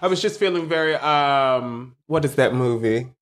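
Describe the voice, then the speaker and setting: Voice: mid-range voice, moderate pace, fairly bright tone. A drag performer chatting as a podcast guest, theatrical and playful, prone to breaking into song. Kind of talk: casual chat.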